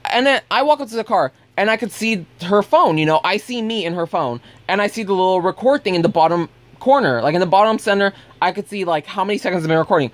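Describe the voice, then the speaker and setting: High-voiced young man ranting bluntly. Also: expressive, fast, hardly any pauses, no echo. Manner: blunt, heated, swearing. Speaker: vlogger. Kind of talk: casual ranting vlog.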